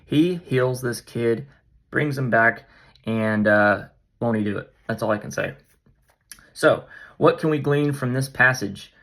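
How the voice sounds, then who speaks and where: Playful bright-voiced man. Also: medium pitch, measured pace. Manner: playful, jokey, slangy. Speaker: vlog host. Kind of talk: casual Bible study vlog.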